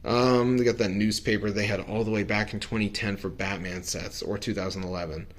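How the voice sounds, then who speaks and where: A man's voice: fairly low pitch, fairly even intonation, brisk. A man reviewing building toys in a casual vlog, rambling and hesitant, with lots of fillers and self-corrections. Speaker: toy reviewer.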